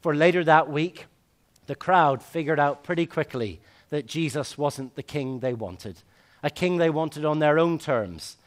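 A man preaching a sermon, swinging between loud emphatic lines and hushed, slow ones. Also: fairly high pitch, animated.

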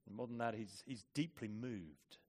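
A man preaching a sermon, moving between hushed, measured reflection and loud, forceful emphasis. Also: fairly low pitch.

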